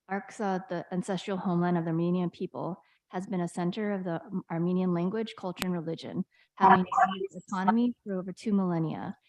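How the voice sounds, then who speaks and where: Woman trustee reading a resolution out loud, halting, keeps clearing her throat. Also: on the low side, low-quality recording. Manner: halting, stumbles over words, clears throat often. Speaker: board trustee. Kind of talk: reading a resolution aloud at a meeting.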